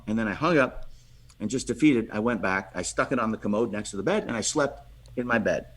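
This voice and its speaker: A man, a podcast guest, telling a lively story and acting out the voices of the people in it, often restarting and repeating words. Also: mid-range voice, a little fast. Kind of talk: animated storytelling.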